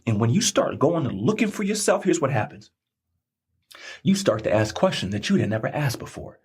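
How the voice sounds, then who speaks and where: A man's voice: medium pitch, husky. A man hosting a motivational podcast, telling a personal story in a preachy style. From not from Indiana. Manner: preachy, storytelling with animated rises. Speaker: podcast host.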